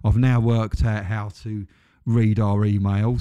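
Low, mellow-voiced man chatting. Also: flat delivery, slow pace, smooth. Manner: rambling, self-correcting, chatty. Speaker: podcast co-host. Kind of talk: casual chat.

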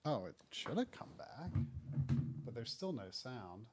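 A man's voice: medium pitch, measured pace, very noisy. A man casually chatting and laughing while playing a retro game on a live stream. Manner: chatty, laughs often, animated.

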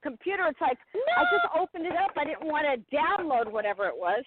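A woman's voice: high voice, sing-song, fast. A woman co-hosting a casual radio chat, giggly and telling stories with lots of restarts. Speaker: co-host. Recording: tinny phone-line audio with hiss.

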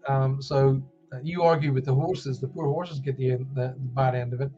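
A man's voice: mid-range voice, steady tone, moderate pace, mellow, highs cut off, faint music behind. An Irish man hosting a live wellbeing show, talking casually and joking as he reads out viewer comments. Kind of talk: casual live-stream talk.

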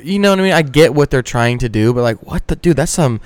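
A man in his thirties hosting a casual podcast, swearing freely and ranting with animated, worked-up energy. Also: mid-range voice, quick pace, no room sound. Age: 30s. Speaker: podcast host.

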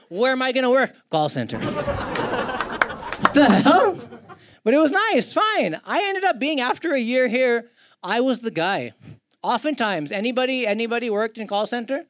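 Animated man doing stand-up. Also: extremely high pitch. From India. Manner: animated, acts out callers in quick voices. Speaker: stand-up comedian. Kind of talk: stand-up comedy set. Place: comedy club with live audience. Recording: live club audience laughing.

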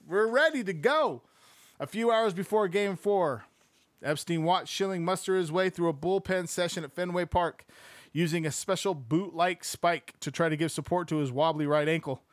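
Excitable, cursing man with a higher voice. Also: moderate pace, no room sound. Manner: excitable, profane, slangy asides. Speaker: streamer reading a sports book aloud. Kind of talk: reading aloud with excited commentary.

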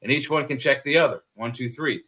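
A male co-host with a bright, forceful voice talks in a wry, explaining way, stumbling over restarts. It sounds like loose livestream chat between friends. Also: medium pitch, a little fast, husky. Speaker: podcast co-host.

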